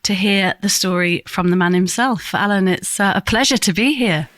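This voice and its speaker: A woman interviews a guest in an office in a friendly, chatty way and often ends her questions with a leading tag. Her voice sits at a middle pitch. The sound is dry and close. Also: moderate pace, fairly bright tone, no room sound.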